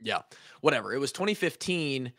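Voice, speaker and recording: A young man from Iowa, a former player co-hosting a podcast, tells a story in a lively, swearing, casual way and acts out the quotes. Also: medium pitch, brisk, no room sound, clean studio sound.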